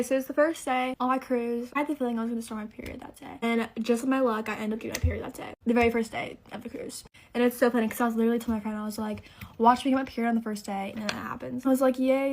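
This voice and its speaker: A woman's voice: on the high side, slight background noise. A young woman telling a dramatic storytime in a chatty get-ready-with-me vlog, full of "like" fillers. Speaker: beauty vlogger.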